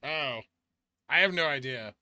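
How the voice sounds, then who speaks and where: A man's voice: fairly high pitch, lively intonation, unhurried, bright, forceful tone, dry recording, studio quality. A man hosting a casual stock market livestream, answering chat and thinking aloud over charts in an offhand, muttering way.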